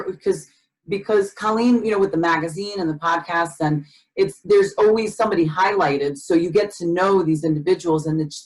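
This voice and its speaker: A woman's voice: fairly low pitch, low-quality recording. A woman hosting a podcast, telling stories in a chatty way full of fillers and restarts. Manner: animated storyteller, many fillers and restarts. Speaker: podcast host. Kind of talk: casual conversation.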